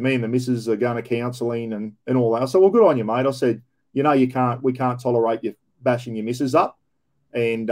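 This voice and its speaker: An Australian man with a dark, mellow tone tells his old police stories bluntly, swearing freely and leaning on slang. He speaks at a middling pitch in a loose, casual reaction-video style. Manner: blunt, profane storytelling with slang.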